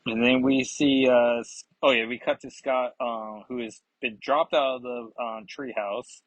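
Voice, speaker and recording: A man's voice: mid-range voice, fairly even intonation, measured pace, dry recording, poor audio. A man casually reviewing a comic book, rambling with frequent fillers and self-corrections.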